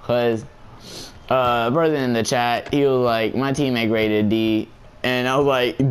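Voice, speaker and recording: A man's voice: medium pitch, measured pace, clean tone. A young man casually commenting on his basketball game for viewers, laughing often and talking in slang. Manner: giggly, excitable, slangy. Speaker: gameplay YouTuber.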